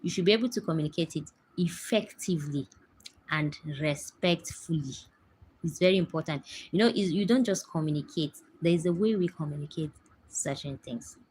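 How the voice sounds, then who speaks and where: A woman's voice: low-pitched, a little mellow, slight background noise, poor audio. A woman in her thirties with a Nigerian English accent, hosting a casual chat from home and telling stories with emphatic asides to her viewers. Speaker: host. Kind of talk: casual chat to a live audience.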